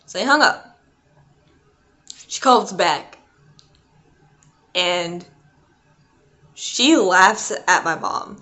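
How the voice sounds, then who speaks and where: A woman's voice: on the low side, expressive, drawn-out words, long pauses, bright, forceful tone. A young adult woman vlogging a casual storytime, rambling and chatty with lots of "like" and "um". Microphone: not her usual mic.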